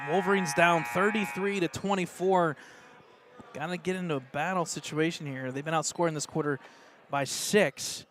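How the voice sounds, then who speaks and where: An American man doing live play-by-play of a high school basketball game, excitable and openly rooting for the home team. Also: a little hiss or hum. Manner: excitable, partisan, rising pitch on plays. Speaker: play-by-play announcer.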